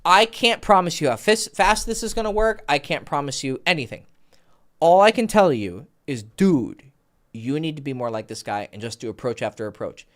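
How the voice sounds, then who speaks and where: A man's voice: fairly high pitch, normal speed. A man hosting a dating advice Q&A as a coach, talking casually with lots of swearing and acted-out dialogue. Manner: animated, profane, acts out quoted dialogue.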